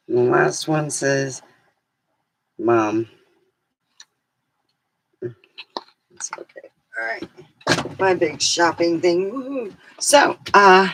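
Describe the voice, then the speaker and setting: A woman vlogging in a rambling, hesitant way, losing her train of thought, then leading a slow guided meditation. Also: sits low, vocal fry, a bit bright, dry recording, poor audio. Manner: soothing, slow guided relaxation. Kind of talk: casual chat and guided meditation.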